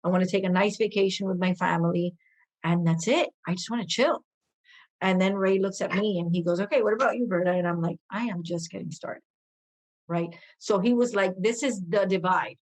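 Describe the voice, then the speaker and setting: An energetic woman in her fifties talks as a podcast guest, racing through her stories. She slips into quoted voices as she tells them, bright and animated throughout. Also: mid-range voice. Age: 50s. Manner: energetic, animated, quick-talking with lively quoted asides. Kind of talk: conversational interview storytelling.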